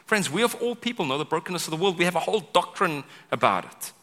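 A man preaching a sermon as pastor, chatty and animated, often checking in with "right?" and acting out quoted lines. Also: sits high, fast talker. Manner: conversational, keeps asking "right?"; acts out quoted speech with big vocal swings. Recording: long hall reverb.

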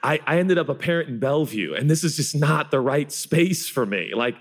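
A man in his forties preaching a sermon in an animated, self-deprecating way, often acting out voices. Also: a little high, a little fast. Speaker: pastor.

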